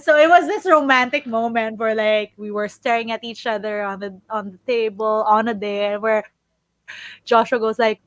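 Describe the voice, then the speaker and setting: A woman's voice: on the high side, moderate pace, no echo, low-quality recording. A woman telling a playful story as a podcast guest over a video call, giggling often. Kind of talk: casual chat.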